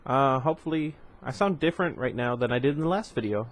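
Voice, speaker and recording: A man's voice: mid-range voice, lively intonation, fast talker. A man with a slight lisp reading a novel aloud, with chatty asides between passages. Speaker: book reader.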